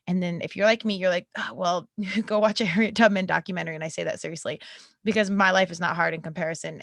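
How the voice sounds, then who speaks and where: A young adult woman hosts her own podcast, speaking candidly and conversationally into a podcast mic, with an occasional laugh slipping in. Her medium-pitched voice is creaky and fairly bright, captured in a dry, studio-quality recording.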